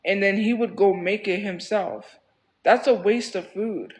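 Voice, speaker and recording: Man, high voice, livestream storyteller; rambling, repetitive, defensive. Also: unhurried, low-quality recording. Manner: rambling, repeats phrases for emphasis.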